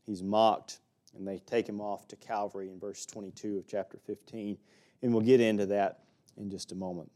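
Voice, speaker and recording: A man's voice: fairly low pitch, flat delivery, normal speed, warm tone. A man with an Alabama accent, preaching a sermon and teaching through a Bible passage in a folksy way with small jokes. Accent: Southern US (Alabama).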